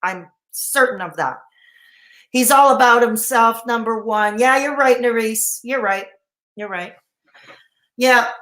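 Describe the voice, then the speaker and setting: This woman's voice sits on the high side and is fairly bright, moving slowly with long pauses in a roomy-sounding space. She has the hiccups while hosting a casual live stream, rambling through viewer comments with many fillers and restarts.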